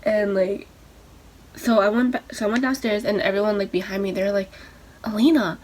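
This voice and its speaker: A young woman telling a rambling, excitable story while doing her makeup for a vlog. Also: mid-range voice, brisk, a little hiss or hum. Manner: rambling, excitable, lots of fillers. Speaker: beauty vlogger.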